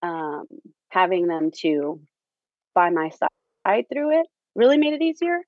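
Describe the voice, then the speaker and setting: Woman guest, casual and halting, lots of ums, dry dull-sounding recording. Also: on the low side, very animated, no echo. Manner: halting, many fillers, laughs often. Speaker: theater teacher, interview guest. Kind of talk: casual interview chat.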